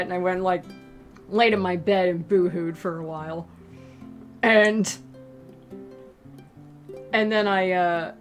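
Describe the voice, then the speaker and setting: Woman streamer, chatty storyteller, quoted voices jump high and low, faint music behind. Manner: animated, acts out quoted friends in higher and lower voices. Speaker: webcomic creator hosting a Q and A stream. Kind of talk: casual storytelling on a livestream.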